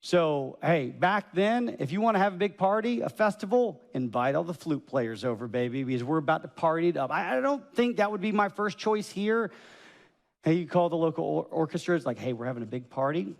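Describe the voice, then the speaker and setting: A man preaching a sermon as pastor, telling the story in a lively way and acting out the voices of its people. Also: fairly high pitch, a little fast, gravelly, in a large hall. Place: church sanctuary.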